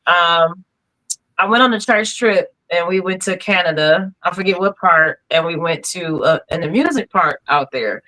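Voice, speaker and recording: A young woman, a podcast guest, telling animated stories in casual chat and laughing as she goes. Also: lowish voice, normal speed, low-quality recording. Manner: animated storyteller, laughs through her stories.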